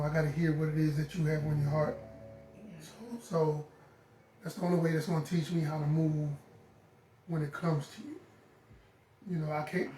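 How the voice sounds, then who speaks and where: A man's voice: a little high, far from the mic, noisy background. A man co-hosting a live relationship talk stream, giving earnest advice and repeating his points. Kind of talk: casual live-stream chat. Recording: roomy sound with guitar music behind.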